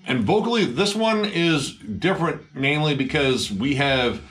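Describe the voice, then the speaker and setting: Bright, excitable man reviewing metal. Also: a little high, unhurried, faint music behind. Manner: excited, swears a lot, many "like" fillers. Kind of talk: casual album review chat.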